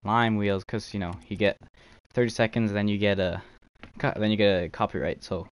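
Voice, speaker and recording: A man's voice: lowish voice, fairly even intonation, normal speed, clear, resonant tone. A young man streaming a game, chatting casually with viewers, laughing and swearing easily. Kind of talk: casual live-stream chat while trading.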